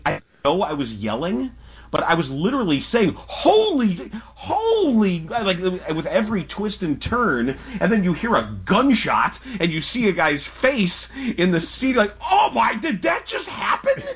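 A man hosting a casual talk radio chat, his voice sitting a little high and swinging widely as he tells stories. He laughs often. The audio is muffled and lo-fi. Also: husky. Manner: animated, laughing storyteller. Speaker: radio host.

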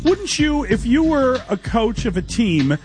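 A man's voice: very high voice, very animated, measured pace, a little mellow, soft background music. A man co-hosting sports talk radio, blunt and skeptical, pushing back on his partner.

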